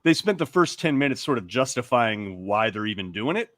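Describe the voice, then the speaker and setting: A man co-hosting a casual sports talk show, animated and rambling, often laughing and restarting his sentences. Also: mid-range voice, brisk, no echo, studio quality. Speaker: sports radio co-host.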